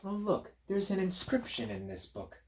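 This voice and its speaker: A man's voice: high-pitched, very animated, normal speed, slight background noise. A man, a school teacher, reading a picture book aloud to children and chatting with them as he goes. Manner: chatty, talks straight to young listeners; playful asides and counting along.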